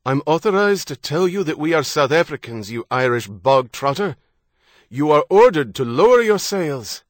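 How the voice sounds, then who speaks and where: A man voicing a stern male naval rating who bellows orders through a loud hailer. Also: medium pitch, animated, normal speed, dry recording, clean studio sound, pitched above the performer's own voice, lightly acted. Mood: stern commanding. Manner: barking official orders.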